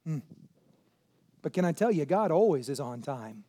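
A male pastor preaching a sermon. He fires rhetorical questions at the congregation and swings from loud shouting to quieter intensity. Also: fairly high pitch, sing-song, normal speed.

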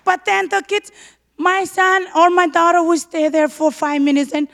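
Woman, preacher, sermon testimony, very high pitch, gravelly fry, fervent, emphatic. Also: normal speed. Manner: fervent, breaks into shouted praise; leans on repeated emphasis words.

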